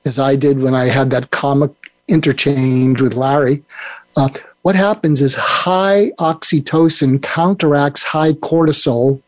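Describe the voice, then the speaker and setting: An older man appears as a guest expert on a podcast interview, rambling and frequently restarting his sentences, with lots of fillers. He has a medium-pitched voice with fairly even intonation and a measured pace, and the audio has no echo.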